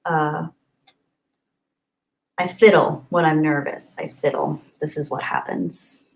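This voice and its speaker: A woman's voice: low voice, takes it slowly, vocal fry, low-quality recording. Bubbly woman gushing on a live stream. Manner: bubbly, gushing, gasps with excitement. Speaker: live streamer reading chat. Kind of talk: casual live-stream chat. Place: home, apartment. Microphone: webcam setup at home.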